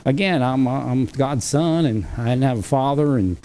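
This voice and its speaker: A man's voice: medium pitch, moderate pace, warm tone. A man talking alone on his livestream, rambling and chuckling often between thoughts. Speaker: livestream host. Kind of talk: rambling solo livestream talk.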